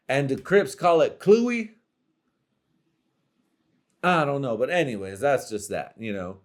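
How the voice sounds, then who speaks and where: A man's voice: mid-range voice, animated, unhurried, long pauses. A man casually rambling through stand-up jokes he is trying out, loose and profane. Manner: rambling, profane, laid-back. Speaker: comedian.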